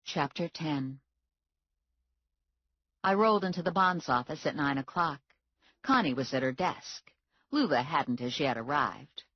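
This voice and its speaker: A woman with a low, husky voice reads first-person fiction with wry, expressive timing. Her pitch swings widely, and the recording is dry and slightly muffled. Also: a little slow, long pauses, no echo. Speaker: audiobook narrator. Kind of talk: scripted first-person narration.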